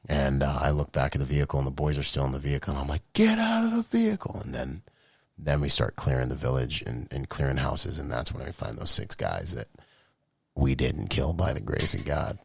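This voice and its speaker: A man, a Marine veteran guest, telling a personal story in an emotional, animated way with many restarts. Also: very deep voice, brisk, creaky, breathy edge, no room sound, studio quality. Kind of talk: casual storytelling.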